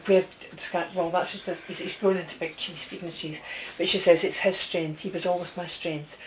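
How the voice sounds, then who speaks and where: A woman works as a medium in a close, one-to-one reading. Her voice sits a little low. She talks in a chatty stream, relaying what she hears and constantly asking whether it makes sense. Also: steady tone, fairly quick, slight background noise, low-quality recording. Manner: chatty, relays messages, keeps checking with the sitter. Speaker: psychic medium.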